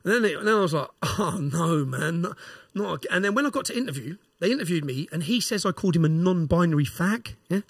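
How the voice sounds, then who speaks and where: A middle-aged man with an English accent tells his story at high speed, his voice husky and pitched high. He pushes each point hard and tags sentences with "yeah?". The sound is close and dry. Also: lively intonation, fast, few pauses, dry recording. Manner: emphatic, fires "yeah?" tags at the listener. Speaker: podcast guest. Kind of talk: storytelling and ranting.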